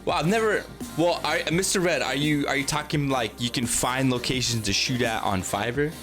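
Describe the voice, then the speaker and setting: Guy hosting a livestream, rambly and chatty, mid-pitched voice, music faint in the background. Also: normal speed, a bit bright. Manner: rambling and chatty, acts out quotes and greets the chat. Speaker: livestream host. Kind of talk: casual livestream interview chat.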